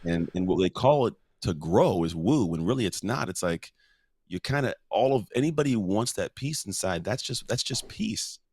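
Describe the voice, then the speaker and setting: A man's voice: lowish voice, expressive, normal speed, darkish tone, breathy edge, no room sound. A man talking as a guest in an interview, earnestly explaining his ideas through stories and metaphors. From United States. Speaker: podcast guest, motivational speaker. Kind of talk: casual conversational interview.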